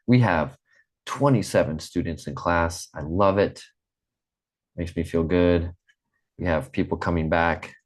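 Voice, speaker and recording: A man from the American Midwest teaching an online English class, speaking slowly and clearly and often checking in with "okay". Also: sits low. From Midwest United States.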